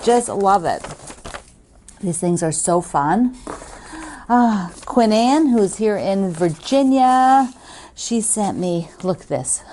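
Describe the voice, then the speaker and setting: A woman's voice: medium pitch, animated, takes it slowly, long pauses, dark tone, slight background noise. A woman hosting a quilting video, chatting casually and gushing as she opens fan mail, laughing often. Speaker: quilting show host.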